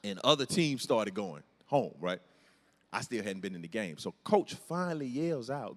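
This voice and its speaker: A comedian telling a story on stage, animated and acting out the scenes and voices. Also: male voice, lowish voice, moderate pace. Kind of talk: stand-up storytelling. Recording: echoey hall with long reverb.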